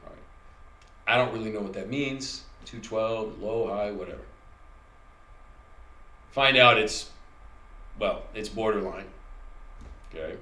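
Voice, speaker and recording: A man's voice: lowish voice, unhurried, pauses often, bright, forceful tone. Middle-aged man telling a story in a roomy space. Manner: conversational, rambling, self-correcting storyteller. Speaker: channel host. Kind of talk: personal storytelling monologue. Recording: echoey room recording with faint ambience.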